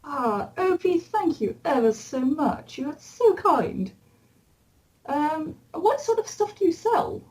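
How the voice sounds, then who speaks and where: A woman's voice: high voice, animated, slow, a little mellow. A woman playing a tabletop role-playing game, speaking hesitantly and politely with many restarts. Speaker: player.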